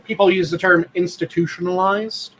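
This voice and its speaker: A man with a high voice talks in casual podcast chat. He is blunt and swears freely. He explains his points at length. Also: fairly even intonation, normal speed, fairly bright tone, low-quality recording. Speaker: podcast co-host.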